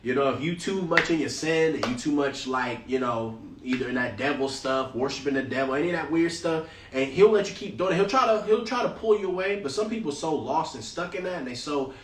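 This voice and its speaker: A man's voice: fairly high pitch, lively intonation, a little fast, hardly any pauses, fairly bright tone, a little hiss or hum. A man hosting a Bible study, reading scripture aloud and breaking off into loose, slangy commentary. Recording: roomy, distant from the mic.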